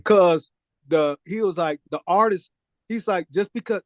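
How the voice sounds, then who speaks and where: A record producer, a man with a high voice, speaks a little slowly in a casual interview with no echo. He tells a long story animatedly, acting out the voices of people in it and saying "man" often.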